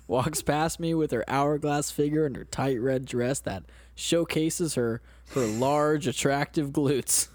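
A man's voice: on the high side, takes it slowly, a little mellow. A man co-hosting a podcast, reading a story aloud with quips and laughter. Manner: joking, interrupting with quips and laughs. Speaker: podcast co-host. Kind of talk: comedic reading of a story with commentary.

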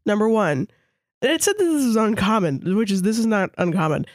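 A woman's voice: medium pitch, very animated, brisk, dry recording, studio quality. A woman co-hosting a casual podcast, blunt and heavy on swearing as she tells stories. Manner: blunt, swears a lot, storytelling. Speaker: podcast co-host. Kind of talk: casual profane chat.

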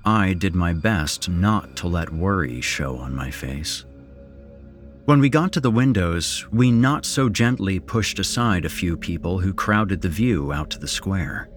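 Deep-voiced male horror narrator. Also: lively intonation, measured pace, faint music behind. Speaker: horror podcast host and narrator.

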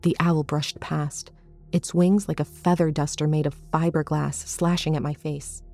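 A woman with a low, mellow voice reads a first-person horror story at a measured, suspenseful pace. Faint music plays softly behind her narration. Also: flat delivery.

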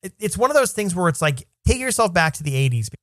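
A man's voice: sits high, very animated, fast talker, a bit bright, dry recording, studio quality. A man co-hosting a casual movie podcast, thoughtful and reasoning things out aloud. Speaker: podcast co-host. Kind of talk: casual chat about a movie.

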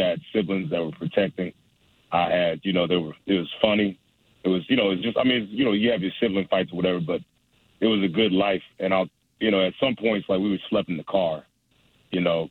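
Rambling young comedian on a phone line. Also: male voice, deep voice, slightly rough, dry recording. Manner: rambling, laughing, many restarts. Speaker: stand-up comedian guest. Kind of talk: casual phone interview.

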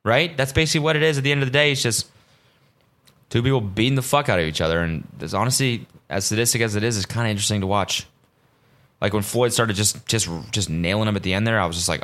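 A man hosting a solo podcast, rambling casually and swearing often, veering between excitement and deadpan asides. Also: on the low side, fast. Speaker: podcast host.

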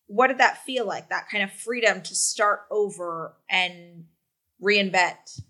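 A woman hosting an interview, asking quick, probing questions. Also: medium pitch, pushed and bright.

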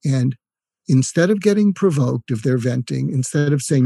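A man's voice: mid-range voice, brisk, gravelly, mellow, breathy edge, no echo, studio quality. An older retired man giving communication tips in an interview, explaining with examples and acted-out phrases. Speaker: guest, communication expert. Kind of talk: instructive interview talk.

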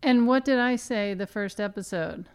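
A woman co-hosts a relaxed podcast chat in a smooth, resonant voice. She sounds playfully defensive as she argues over theories with her friend. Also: medium pitch, moderate pace. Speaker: podcast co-host. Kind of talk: casual chat.

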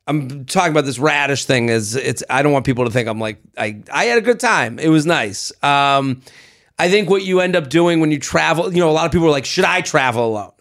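A man co-hosting a casual podcast chat, telling stories in an animated way and swearing freely. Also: fairly high pitch, fairly quick. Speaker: podcast co-host.

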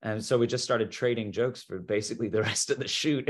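A man's voice: fairly low pitch, brisk, slightly rough. A young man, an actor, chatting as a podcast guest and telling stories with lots of restarts. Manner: animated storyteller, stammers and restarts. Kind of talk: casual interview chat.

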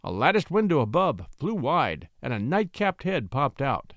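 Male audiobook narrator, animated and expressive, dry close recording. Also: fairly high pitch, moderate pace, few pauses, dry recording. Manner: expressive reading. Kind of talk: scripted storybook narration.

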